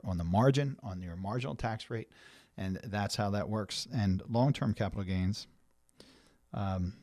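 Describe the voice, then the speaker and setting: A man's voice: lowish voice, darkish tone, no room sound, studio quality. Chatty man explaining year-end finances. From United States. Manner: conversational, many restarts and fillers. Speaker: financial planner hosting a show. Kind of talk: explanatory talk to viewers.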